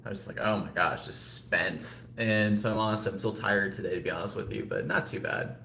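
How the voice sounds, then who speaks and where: A man's voice: lowish voice, fairly quick, creaky, pushed and bright, echoey room, a little hiss or hum. A man casually chatting with viewers on a live stream, rambling with lots of fillers and no regional accent. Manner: rambling, talks to chat viewers, frequent fillers. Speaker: vlogger.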